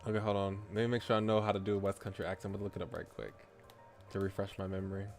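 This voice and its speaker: Low-voiced man chatting through a game stream. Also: little pitch movement, racing, faint music behind. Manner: chatty, rambling, laughs often. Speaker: VTuber streamer. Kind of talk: casual gameplay commentary.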